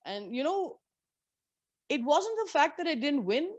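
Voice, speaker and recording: A woman in her forties from India, a former professional golfer, telling lively and candid stories as an interview guest. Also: high voice, a little slow, no echo, muffled recording. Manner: lively, candid anecdotes with frank swearing. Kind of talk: storytelling in a conversation.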